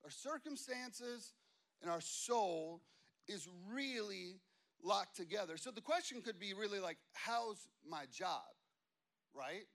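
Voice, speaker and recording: Man, pastor, humorous storytelling sermon, high voice, bright tone. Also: animated, slow pace.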